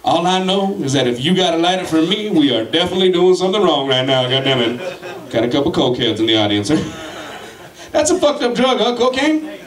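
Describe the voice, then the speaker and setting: Shouting at the crowd and swearing freely, a Colorado comedian tears through a rowdy stand-up set before a live club audience. His slightly high voice swings widely in pitch at a fairly quick pace, recorded from afar with club echo.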